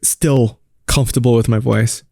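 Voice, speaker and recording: A man's voice: medium pitch, fairly even intonation, normal speed, vocal fry, dark tone, no echo, clean studio sound. A man in his thirties from Singapore, a radio DJ talking openly and reflectively about himself in an interview, with some self-deprecating humor. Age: 30s. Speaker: radio DJ and guest. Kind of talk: candid interview conversation.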